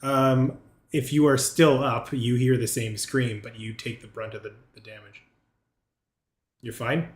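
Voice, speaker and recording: A man's voice: medium pitch, level tone, unhurried, roomy sound. Hesitant man running a tabletop game. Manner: hesitant, lots of ums and restarts while describing scenes. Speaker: dungeon master.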